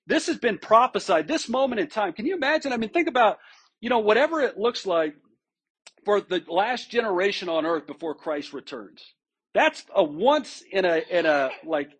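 A man's voice: high voice, slightly rough. A man preaching a sermon, talking in a conversational and emphatic way, often restarting phrases and checking in with his listeners. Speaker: pastor. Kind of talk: expository sermon.

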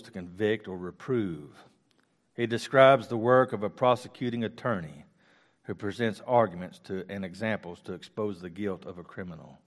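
Recorded on a close mic, a man with a fairly low voice teaches a Bible study. He reads the scripture out loud first, then slowly walks back through it with restarts and casual side comments.

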